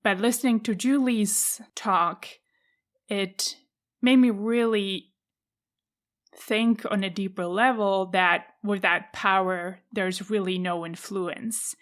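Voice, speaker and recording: Slow, reflective Czech-accented woman. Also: mid-range voice, steady tone. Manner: thoughtful, measured, pausing to reflect. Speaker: podcast host. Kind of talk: reflective solo podcast monologue.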